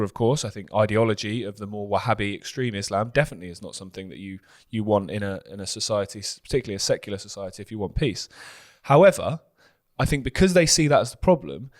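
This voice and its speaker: A man co-hosting a news commentary show, talking earnestly in long run-on points. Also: fairly low pitch.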